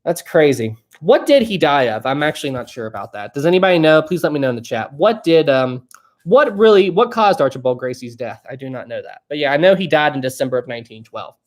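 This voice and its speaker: A man's voice: fairly high pitch, expressive, fast. A young man hosting a live stream, chatting casually and rambling as he reads viewer questions. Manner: rambling and chatty, often laughing. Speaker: livestream host.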